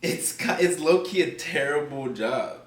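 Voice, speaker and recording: A man's voice: on the high side, measured pace. A man chatting casually, animatedly retelling a conversation. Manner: animated storyteller, acting out others' words. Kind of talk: casual chat. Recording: echoey room, off-mic, faint noise.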